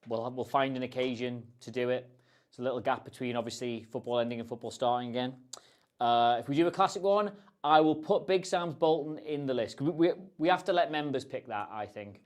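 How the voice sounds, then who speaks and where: Medium in pitch and a touch fast, this male host fields viewer questions on a relaxed livestream. His answers wander conversationally and lean self-deprecating.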